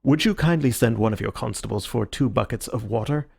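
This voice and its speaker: A man voicing a calm, theatrical gentleman detective with a measured, courteous manner, in an audiobook reading. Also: mid-range voice, gravelly, slightly rough.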